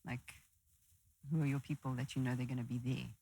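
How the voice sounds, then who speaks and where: A woman hosting a casual podcast, asking questions in an animated, exclamatory way. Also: extremely low pitch, fairly quick, slightly rough, no room sound. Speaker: podcast host. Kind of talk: casual chat.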